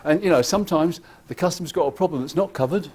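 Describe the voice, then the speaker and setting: A man giving a lively, irreverent conference talk, joking with the audience and acting out what clients say. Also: a little high, fast, slightly rough. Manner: acts out clients' lines in quoted voices. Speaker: conference speaker. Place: conference hall.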